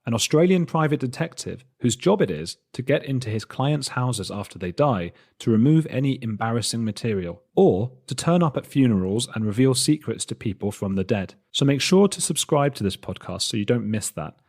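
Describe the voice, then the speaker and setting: A man's voice: medium pitch, very animated, a little fast, few pauses, a little mellow. A man hosting a podcast, chatty and self-mocking, reading an intro and then interviewing a guest. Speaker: podcast host.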